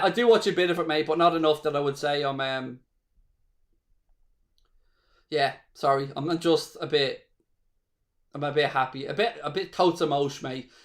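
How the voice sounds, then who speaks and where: A man's voice: a little high, fairly bright tone. A man with an Irish accent hosting a live football watchalong, calling the play as a fan, swearing freely and chatting with viewers. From Ireland. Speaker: watchalong host.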